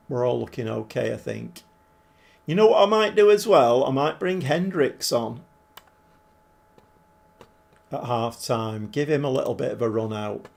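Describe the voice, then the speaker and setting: A game livestreamer with a gravelly, mid-range voice casually commentates on a football management game. He chats with viewers and swears mildly along the way.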